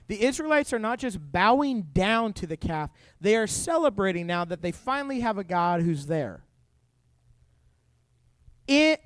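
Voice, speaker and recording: A young man preaching a youth sermon as an animated, joking storyteller. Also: high-pitched, no echo. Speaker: youth pastor.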